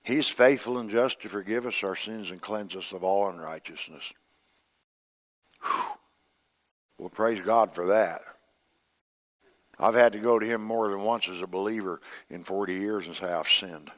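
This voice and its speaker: An older man with a low voice preaches a sermon. He swings between loud, emphatic lines and hushed, quiet ones. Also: measured pace, long pauses. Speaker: pastor.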